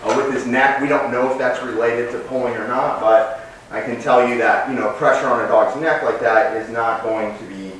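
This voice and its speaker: A man who trains dogs, explaining his methods and giving short, sharp commands to the dog as he works. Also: medium pitch, steady tone, moderate pace. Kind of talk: instructional commentary while training. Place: home training space with dogs. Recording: very echoey room, distant mic, faint noise.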